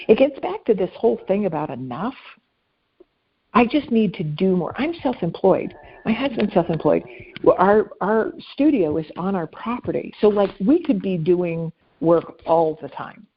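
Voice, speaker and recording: A woman life coach talking in a casual interview, animated and self-deprecating, often restarting her sentences. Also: medium pitch, normal speed, dull audio, a little hiss or hum.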